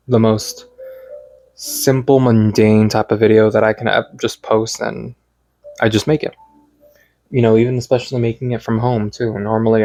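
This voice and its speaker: A man's voice: on the low side, creaky, darkish tone, dry recording. A young man rambling reflectively in an unscripted late-night vlog from home, talking casually and swearing now and then. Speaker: vlogger.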